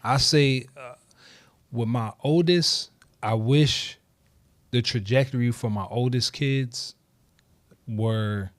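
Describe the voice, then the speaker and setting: Calm guy on a podcast, easygoing explaining, dry mic sound. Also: medium pitch, slow, long pauses, no echo. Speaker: podcast guest. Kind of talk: casual chat.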